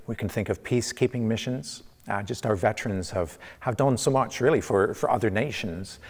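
A man's voice: fairly low pitch, brisk, darkish tone, breathy edge. A man preaching a conversational sermon as pastor, from Canada, with frequent restarts and fillers. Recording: long church reverb.

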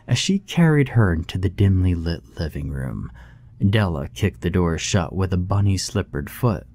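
A man narrating a horror story in a hushed, measured, scripted manner. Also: low voice, no room sound. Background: faint music.

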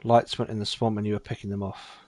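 A gaming streamer with a lowish voice talks fast in a dry recording. His commentary is casual and rambling, and he gets excitable when the action heats up.

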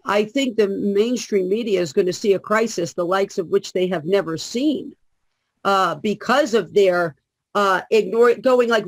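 A woman's voice: medium pitch, unhurried. A woman from the Bronx with a New York accent, a guest in a conversational interview, speaking emphatically and reading prophecies in a solemn cadence.

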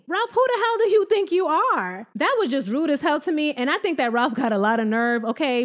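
A woman giving a sassy, exasperated recap of a reality show, her voice swinging up and down in pitch. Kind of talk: casual commentary.

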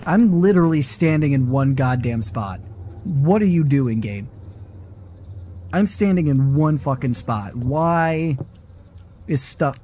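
A man's voice: fairly high pitch, animated, slow, pauses often, mellow, slight background noise. Foul-mouthed jumpy man playing horror. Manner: profane, jumpy, talks back at the game. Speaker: gaming streamer. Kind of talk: live horror gameplay commentary.

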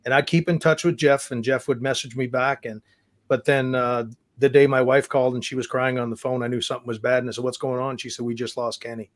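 A man talks through his memories as a guest musician on a chat show. His voice sits at a middling pitch and sounds dry and close, with no room around it. He speaks earnestly, stumbling and restarting as he goes. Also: fairly even intonation, dry recording. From Saskatchewan, Canada. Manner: earnest, halting, with restarts and repeated words. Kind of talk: casual storytelling interview.

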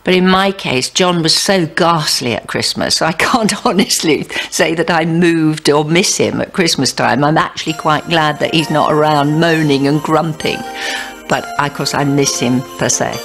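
A woman's voice: deep voice, normal speed, a bit bright, soft background music. Frank, dryly amused middle-aged woman. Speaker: interviewee. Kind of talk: casual chat.

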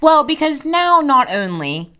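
A woman's voice: sits high, big pitch swings, unhurried, pushed and bright. A woman co-hosting a casual podcast, reacting and chatting in a conversational way. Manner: conversational, reacting, laughing along. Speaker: podcast co-host. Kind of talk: casual chat.

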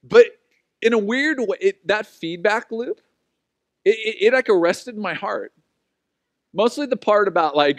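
Pastor, 40s male, high tenor, dry close sound, animated self-mocking storyteller. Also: a little slow, no echo. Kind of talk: sermon with personal stories.

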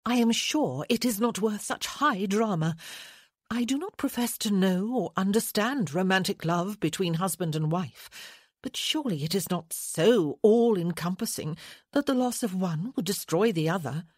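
A woman's voice: medium pitch, lively intonation, moderate pace, a little mellow, breathy edge, no echo, clean studio sound. A woman reading a letter as a frank, practical young noblewoman. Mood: matter-of-fact.

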